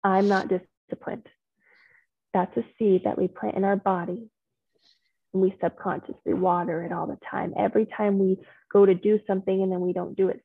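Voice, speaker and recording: A woman coach speaks to a group over a video call, affirming and encouraging them and calling them by pet names. Her voice has a gravelly, husky texture. The sound is thin and phone-like, with a dry, close feel. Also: medium pitch, lively intonation, brisk, no room sound. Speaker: transformational coach.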